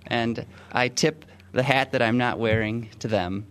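A man's voice: mid-range voice, steady tone, a little slow, smooth. A man hosting a podcast, chatting casually through news stories, joking and laughing often as he reads. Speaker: podcast host.

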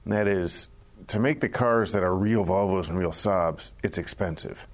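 A man chatting as a guest on a talk show, animated and chatty. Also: deep voice, moderate pace. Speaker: guest journalist. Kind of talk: casual chat.

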